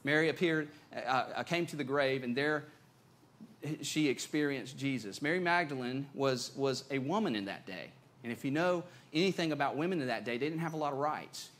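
A man preaching a sermon as pastor, conversational and animated, often repeating words as he goes. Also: mid-range voice, normal speed.

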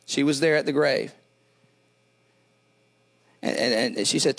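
Middle-aged male pastor, fairly high voice, lively stop-start sermon delivery with corny jokes. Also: a little slow, vocal fry, pauses often. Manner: animated, repeats words and restarts, tells dad jokes.

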